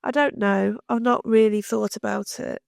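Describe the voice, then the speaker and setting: A woman co-hosting a podcast, telling a story in animated casual chat, swearing freely and acting out the people she quotes. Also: medium pitch, moderate pace, gravelly, dry recording, studio quality. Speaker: podcast co-host.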